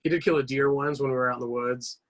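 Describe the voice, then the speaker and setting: A fast-talking man with a mid-range voice appears as a podcast guest, chatting casually through lengthy stories. He rambles with animation, restarting often and filling gaps with verbal fillers.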